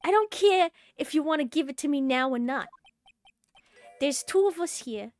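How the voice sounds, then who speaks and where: Lady doing a tough east coast goon, mocking and clipped, kinda high, faint music behind. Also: expressive, normal speed. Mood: menacing. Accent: put-on East Coast American. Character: gruff male New York street thug.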